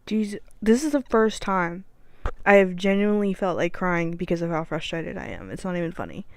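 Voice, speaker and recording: A woman's voice: fairly low pitch, lively intonation, moderate pace, no room sound. A woman in casual gameplay commentary, exasperated and near tears, swearing and muttering to herself. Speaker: gaming streamer.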